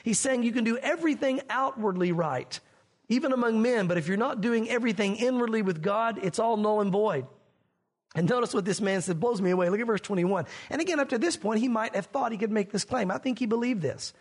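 Husky-voiced man preaching a sermon. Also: high voice, fairly quick. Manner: earnest preaching, asks the congregation questions. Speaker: pastor.

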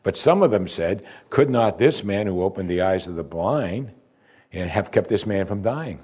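A man's voice: low-pitched, animated, normal speed, a little mellow, slightly rough. A male pastor preaching a sermon in a conversational, expository way, with emphatic rises.

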